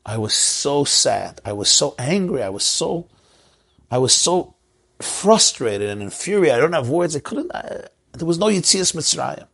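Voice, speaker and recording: A man's voice: on the high side, sing-song, a little slow, creaky, fairly bright tone, breathy edge. A man, a rabbi from Crown Heights, telling an emotional story in a sermon and mixing in Yiddish and Hebrew words. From Crown Heights, Brooklyn.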